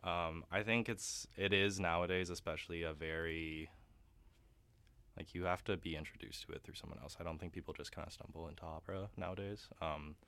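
A man's voice: sits low, fairly even intonation, fairly quick, fairly bright tone. A young man, a guest opera singer, chatting casually in a radio interview, laughing often and using many fillers.

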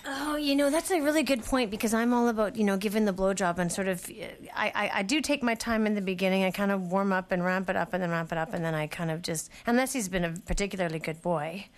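A chatty woman hosts a radio talk show with a middle-pitched voice. She speaks candidly and openly, and often breaks into giggles. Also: fast talker, few pauses.

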